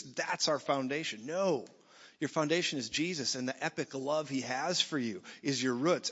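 A man preaching a sermon in a church, blunt and jokey, swinging from loud to soft. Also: medium pitch, breathy edge. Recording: dull sound in a reverberant hall.

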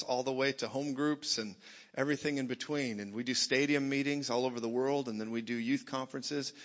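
Man preaching in a reverberant hall. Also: mid-range voice. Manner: lively, joking, rising to shouts. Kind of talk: sermon. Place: church meeting hall. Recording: dull sound in a reverberant hall.

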